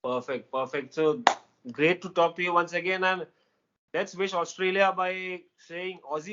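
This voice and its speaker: A man with an Indian accent co-hosting a casual cricket chat, excitable and laughing, slipping into Hindi. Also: high-pitched, moderate pace, dull audio. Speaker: co-host.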